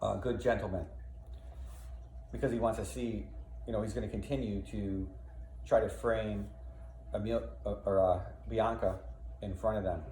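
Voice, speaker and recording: A man's voice: on the low side, steady tone, normal speed, long pauses, warm tone. A male teacher walking through a play scene by scene, paraphrasing the lines in casual, plain words. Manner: reads lines aloud, then paraphrases in plain slang. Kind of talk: casual literature lesson, explaining a play scene by scene. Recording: echoey room, faint background noise.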